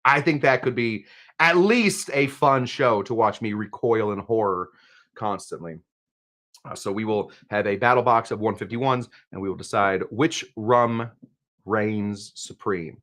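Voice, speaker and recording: A man's voice: on the low side, unhurried, a bit bright. A man hosting a live cocktail stream, chatting casually and rambling between topics while reading out viewer comments. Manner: rambling, jokey, reads out chat comments. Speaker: live cocktail show host.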